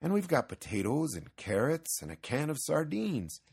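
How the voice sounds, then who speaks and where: A man voicing a calm, patient old farmer in a storybook reading, low, mild and dry. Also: moderate pace, vocal fry, husky, heavily acted.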